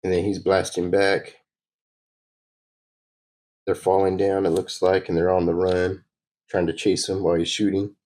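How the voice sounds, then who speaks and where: Low-voiced man musing through a comic. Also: flat delivery, a little slow, long pauses, a little mellow, poor audio. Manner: musing, adds sound effects. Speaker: host reading comics. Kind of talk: casual comic read-along.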